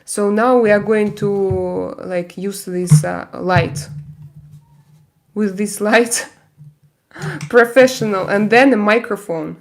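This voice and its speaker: A Russian-accented woman hosts a casual live stream, answering viewer comments haltingly with many fillers and frequent laughter. Her voice is mid-range and creaky.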